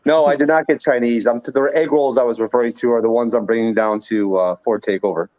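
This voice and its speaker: A man's voice: mid-range voice, fairly even intonation, quick pace, darkish tone, no echo. A man joining a casual car live stream as a guest, teasing and emphatic. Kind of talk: casual chat. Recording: dull dry call audio.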